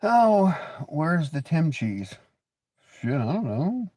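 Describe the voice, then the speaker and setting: A man's voice: a little high, sing-song, slow pace, a little mellow, no echo. A man hosting a casual livestream, rambling, joking, laughing often and teasing viewers with crude banter. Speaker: livestream host.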